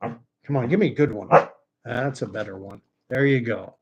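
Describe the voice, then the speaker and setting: Canadian male channel host, mid-pitched, chatty and digressive, casual live-stream delivery. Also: moderate pace, husky, lo-fi sound. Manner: rambling, chatty, many fillers and asides. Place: home, talking to his dog.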